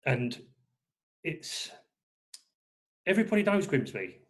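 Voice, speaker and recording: A man's voice: fairly high pitch, very animated, takes it slowly. A man from England, talking as a guest in a rambling way with many fillers and restarts. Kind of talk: casual conversation.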